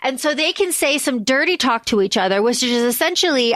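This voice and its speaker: Lively woman co-host, raised voice. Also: high-pitched, a little fast, no room sound. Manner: animated, acts out scenes in quoted voices, swears casually. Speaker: podcast co-host. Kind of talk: casual movie recap chat.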